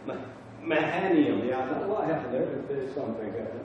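A man with a Southern US accent teaching a Bible class, halting and repeating himself as he quizzes the group. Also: medium pitch, animated, over a noisy crowd. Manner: halting, repeats words, asks the class questions. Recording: echoey room from far off, dull sound.

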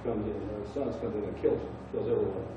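A man with a Southern US accent teaching a Bible class, halting and repeating himself as he quizzes the group. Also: on the low side, fairly even intonation, noisy background. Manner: halting, repeats words, asks the class questions. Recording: echoey room from far off, dull sound.

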